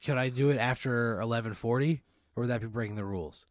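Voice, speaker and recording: A young man co-hosting a comedy podcast plays along with a hypothetical in improvised banter, reacting with mock despair and swearing constantly. His voice is medium-pitched and fast. The recording is dry with clean studio sound.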